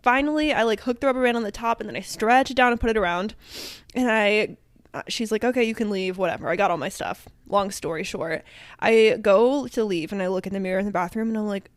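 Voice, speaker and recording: A young woman co-hosting a podcast, telling a story in casual chat, animated, acting out the dialogue she quotes and often saying "like". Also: medium pitch, quick pace, dry recording. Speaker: podcast co-host.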